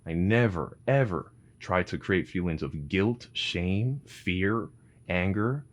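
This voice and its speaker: A young adult man giving casual parenting advice to his viewers, animated, swearing freely and calling them bro. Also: low-pitched, slow pace.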